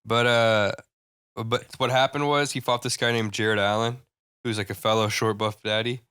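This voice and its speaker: A young man co-hosting a podcast in casual chat, excitable, swearing often and laughing a lot. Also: lowish voice, normal speed, clean tone, dry recording, studio quality. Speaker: podcast co-host.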